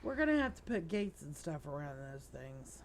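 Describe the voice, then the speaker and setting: A woman's voice: low-pitched, very animated, normal speed, a little hiss or hum. A middle-aged woman hosting a let's play, tired and yawning as she rambles through chatty stories while she plays. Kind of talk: casual gameplay chat.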